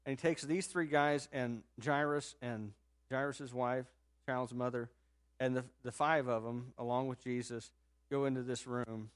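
A man preaching a sermon in a conversational, animated storytelling manner, rising sharply in pitch and loudness at times and dropping to a soft low voice for quoted words. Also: a little slow, clear, resonant tone. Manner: drops to a soft, low voice when quoting Jesus. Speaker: pastor.

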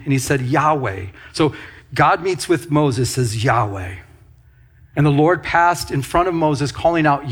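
A man's voice: a little high, slightly rough. A middle-aged male pastor preaching a sermon, calling out to the congregation to answer back and often restarting his phrases. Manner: leads congregation in call-and-response.

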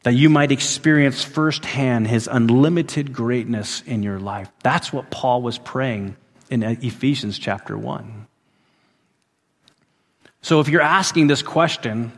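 A man preaching a sermon who repeats phrases for emphasis, rising to loud emphatic peaks and dropping to hushed endings. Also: medium pitch, slow, in a large hall. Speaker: pastor.

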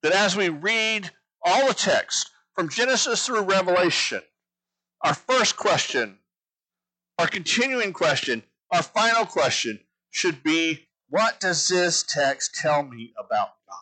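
Male pastor, bright and forceful tone, slightly higher voice, earnest teaching sermon. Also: animated, slow pace, rough recording. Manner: earnest, repeats phrases for emphasis.

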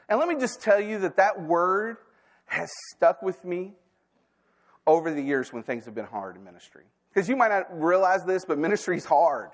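A man's voice: high voice, animated, normal speed. Candid preaching man in reverberant hall. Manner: candid, conversational preaching with asides and quoted inner voices. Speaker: staff pastor. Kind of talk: sermon. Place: church sanctuary.

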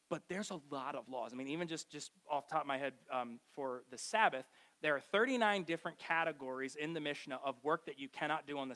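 A man's voice: on the high side, fairly bright tone. A middle-aged man preaching a sermon to a congregation, telling a joking story about growing up and acting out the quotes. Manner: conversational, self-mocking storytelling with acted-out quotes. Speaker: pastor. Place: church hall with a live congregation.

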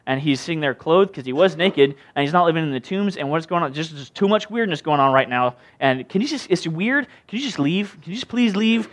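A man voicing a nervous, fed-up villager who pleads haltingly, with many pauses and ums. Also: a little high, animated, a bit bright, pitched below the performer's own voice. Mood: pleading. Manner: hesitant, halting, full of ums.

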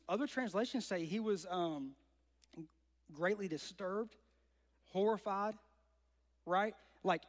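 A young man with a high-pitched voice delivers a casual, conversational sermon, tossing rhetorical questions out to his listeners. His voice rings with a long reverb, as if it were recorded in a large hall. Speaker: preacher.

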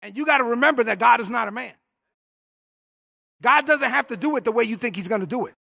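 A man preaching an animated sermon in church, shouting and calling for the crowd to repeat after him. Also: very high voice, fast talker, gravelly, long reverb tail. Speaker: pastor.

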